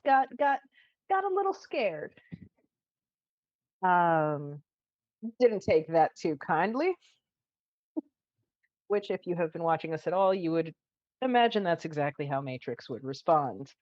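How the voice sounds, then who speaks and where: A woman acting as dungeon master, giving a relaxed, chatty recap of the last session. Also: deep voice, no echo, highs cut off. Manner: relaxed, chatty, laughs easily. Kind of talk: casual game master narration.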